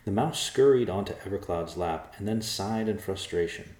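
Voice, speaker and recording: A man narrating a storybook aloud in an expressive way. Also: deep voice, moderate pace. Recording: roomy echo.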